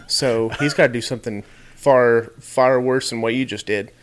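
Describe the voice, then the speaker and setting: Halting man trading dry quips. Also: mid-range voice, fairly even intonation, slight background noise. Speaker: podcast co-host, former military. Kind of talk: casual chat.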